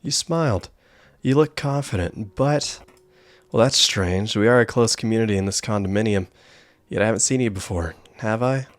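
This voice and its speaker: A man's voice: lowish voice, moderate pace, dry recording, lightly acted. A man putting on a prying, suspicious old neighbor. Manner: prying, stern, scolding. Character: nosy suspicious elderly male neighbor.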